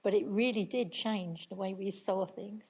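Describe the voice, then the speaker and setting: A woman's voice: medium pitch, fairly even intonation, moderate pace, a little mellow, a little hiss or hum, low-quality recording. An older woman, speaking to an audience in an earnest, reflective way. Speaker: speaker at a talk on restorative justice. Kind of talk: storytelling talk to an audience.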